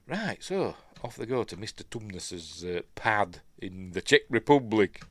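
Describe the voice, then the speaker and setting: A man's voice: on the low side, animated, measured pace, fairly bright tone, a little hiss or hum. A man with a Yorkshire accent hosting a casual, rambling film breakdown, often stopping to correct himself. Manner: rambling, self-correcting, chatty with fillers. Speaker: film reviewer host.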